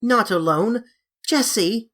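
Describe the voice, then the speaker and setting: A woman voicing a frightened vicar's wife who speaks in a shrill, pleading way. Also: slow, a bit bright.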